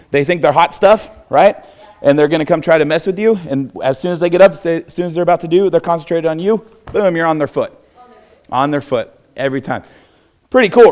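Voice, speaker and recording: A man's voice: fairly high pitch, darkish tone. A young man with a Texan accent teaching a self-defense class in a church hall, upbeat and encouraging, laughing often. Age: young adult. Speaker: martial arts instructor.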